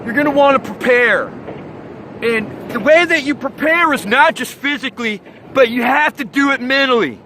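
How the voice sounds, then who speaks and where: A young man from Florida doing a comic surfer-dude monologue, full of slang and shouted sound effects. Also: very high voice, moderate pace, noisy background. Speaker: comic vlogger.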